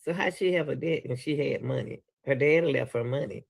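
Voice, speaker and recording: A man's voice: mid-range voice, brisk, creaky. A man with a Southern US accent, hosting a reaction video and talking casually to his viewers, laughing and exclaiming in disbelief.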